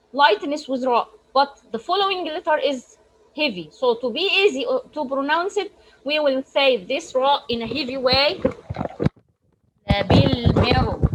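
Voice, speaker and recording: Woman, high voice, teaching tajweed over a video call, lots of restarts. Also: lively intonation, noisy background. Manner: explains slowly with frequent restarts, models Arabic words aloud. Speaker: Quran recitation teacher. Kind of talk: online tajweed lesson.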